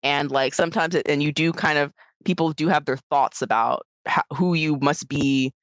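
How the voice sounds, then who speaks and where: An American woman chatting casually on a podcast, rambling and animated as she tells stories, with lots of fillers. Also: low voice, moderate pace, no echo. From United States. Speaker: podcast co-host. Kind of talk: casual chat.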